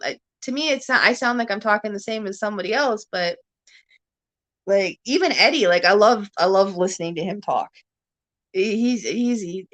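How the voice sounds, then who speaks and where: A woman from Ontario with a Canadian accent, hosting a rambling, casual chat at home and laughing often. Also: a little high. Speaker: livestream host. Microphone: camera on a stand.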